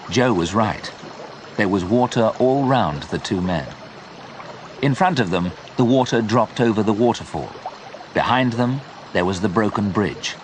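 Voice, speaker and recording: A man with a British accent reading a graded story aloud for English learners, clear and deliberate. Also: on the low side, lively intonation, a little hiss or hum. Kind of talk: slow graded-reader narration.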